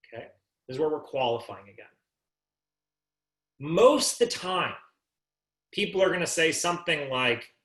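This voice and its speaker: Guy running a sales training, joking around and acting out lines, kinda high voice, echoey room. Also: normal speed, long pauses. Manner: animated, jokey, acts out dialogue. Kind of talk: live training talk to an audience.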